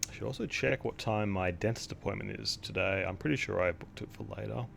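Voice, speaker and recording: A man's voice: fairly low pitch, fast, vocal fry, a bit bright, slight background noise. Wry young man streaming a game. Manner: wry, sarcastic asides. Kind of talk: casual gameplay commentary.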